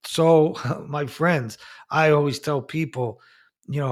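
A Catholic priest talking and telling stories in an emphatic, animated way, with frequent restarts. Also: male voice, on the high side, slow pace. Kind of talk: preaching talk with storytelling.

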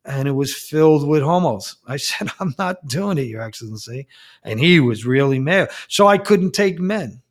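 A man, a Catholic priest, giving a personal testimony in a blunt, emphatic way and getting louder and higher when heated. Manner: blunt, emphatic storyteller who acts out quoted exchanges; rises in pitch and force when heated.

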